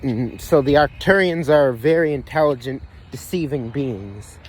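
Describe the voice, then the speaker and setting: A man's voice: mid-range voice, measured pace. A man ranting in a rambling, profane monologue, restarting sentences and repeating himself, recorded outdoors on a phone. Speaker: vlogger. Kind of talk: conspiracy monologue.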